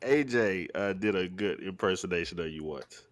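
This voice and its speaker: A man's voice: low-pitched, moderate pace, a crowd in the background. A man playing along as a contestant in a casual online panel game, hesitant and stammering, laughing at himself.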